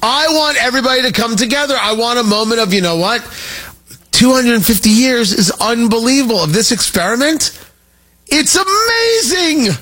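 A man's voice: very high voice, fairly quick, a bit bright. A man hosting a radio talk show, talking in an emphatic, sarcastic way about politics.

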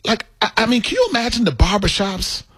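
A man's voice: sits high, sing-song, brisk, fairly bright tone, breathy edge, no echo. A man hosting a sports radio talk show, chatting with enthusiasm and taking calls. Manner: enthusiastic, conversational.

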